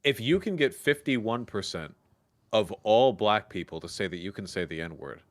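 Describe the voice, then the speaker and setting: A man's voice: lowish voice, lively intonation, moderate pace. A young man, a show guest, talking casually and rambling, often checking in with "okay?". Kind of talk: casual debate chat.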